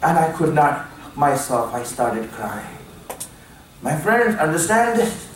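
Male preacher, high voice, earnest and repetitive, far from the mic with faint ambience behind. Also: sing-song, slow pace, a little hiss or hum. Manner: earnest, repeats lines for emphasis, addresses audience as my friends. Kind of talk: sermon. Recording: very echoey hall, mic at a distance.

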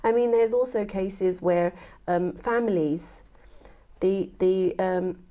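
A woman's voice: mid-range voice, slow pace. A woman guest on a discussion panel, talking in an analytical, questioning way. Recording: slightly dull lo-fi sound.

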